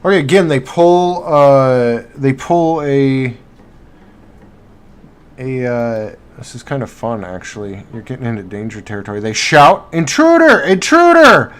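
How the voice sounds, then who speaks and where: A man narrating as game master for a live tabletop game, halting and filler-heavy as he describes the action. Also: mid-range voice, clean tone. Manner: halting, with many fillers and restarts. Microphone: streaming mic.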